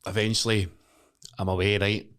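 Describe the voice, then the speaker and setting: Animated Scottish man telling stories. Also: lowish voice, normal speed, clean tone. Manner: animated, swearing, acts out voices. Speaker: podcast guest, wrestler. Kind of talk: casual storytelling chat.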